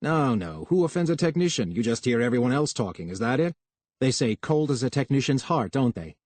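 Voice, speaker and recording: A man voicing a curt, quick-tempered young technician. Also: medium pitch, very animated, dry recording. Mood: angry. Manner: curt, sharp, bitter.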